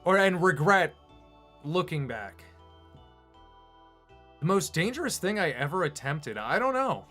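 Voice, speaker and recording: A man's voice: sits high, big pitch swings, unhurried, a bit bright, faint music behind. A man who animates online, chatting casually on a livestream in a rambling, self-deprecating way. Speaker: streamer and animator.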